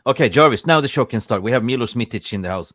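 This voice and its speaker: A man's voice: medium pitch, lively intonation, fast talker, a bit bright, no echo, studio quality. A man hosting a casual football podcast, chatty and jokey, greeting viewers by name. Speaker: podcast host. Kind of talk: casual live-stream football chat.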